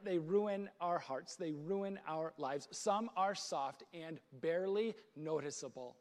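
A man's voice: fairly high pitch, in a large hall. A man, a dad, preaching a sermon, telling funny home stories and laughing at himself. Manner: storytelling with laughs and self-deprecating asides. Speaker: pastor.

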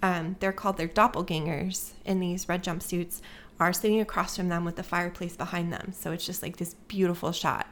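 A woman's voice: lowish voice, steady tone, brisk, a bit bright, a little hiss or hum. A woman co-hosting a casual podcast, telling a story in a loose, chatty way with lots of fillers and frequent swearing. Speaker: podcast co-host. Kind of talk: casual chat, movie review.

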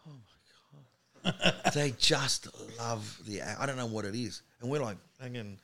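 A middle-aged man with an Australian accent, a guest comedian chatting casually and telling animated stories. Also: mid-range voice, moderate pace. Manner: animated, slips into impressions of other people. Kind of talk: casual chat, storytelling.

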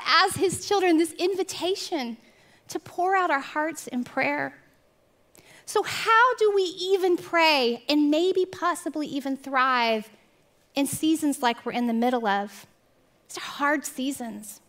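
A woman giving a heartfelt devotional talk, telling a story earnestly and sometimes dropping to hushed tones. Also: high-pitched, big pitch swings, takes it slowly, long pauses. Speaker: Christian speaker.

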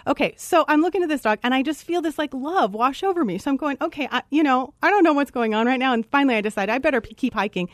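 A woman guest telling a personal faith story in an animated way, acting out what was said. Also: quick pace, hardly any pauses, no echo. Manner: expressive, acts out quotes with big pitch jumps.

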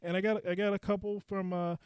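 A young man hosts a comedy podcast from a basement studio, joking loosely and laughing often. His voice sits on the high side for a man, and it is recorded dry and close. He keeps the banter quick and casual. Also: level tone, darkish tone, smooth, no room sound. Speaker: podcast host and DJ.

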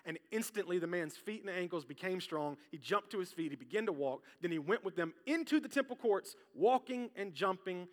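A man preaching a sermon as pastor, lively and joking, talking straight to his congregation. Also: high voice, brisk, hardly any pauses. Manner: lively, jokey, talks straight to the crowd. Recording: long hall reverb.

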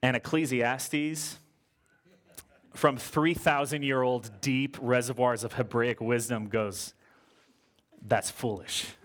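A man preaching a sermon in a lively, conversational way, joking with the congregation and slowing down to stress scripture quotes. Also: mid-range voice. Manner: lively, conversational preaching with casual slang and jokes; slows and stresses when quoting scripture. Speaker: pastor.

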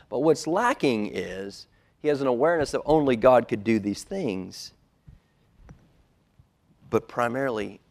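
Preacher swinging between hush and intensity. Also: male voice. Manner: swings from hushed, low asides to loud, emphatic preaching; acts out quoted lines in a dropped, quiet voice. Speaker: pastor. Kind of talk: sermon. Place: church auditorium.

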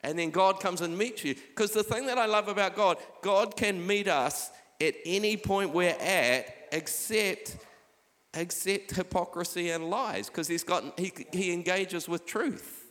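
A male pastor preaches a relaxed, conversational sermon. His voice sits slightly high and reads scripture between stories. The sound trails off into a long church-hall reverb. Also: measured pace.

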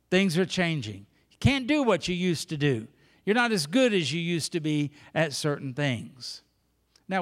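An older male pastor preaching a sermon in a church, emphatic and pleading, often repeating key phrases. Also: fairly high pitch. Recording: long reverb of a church hall.

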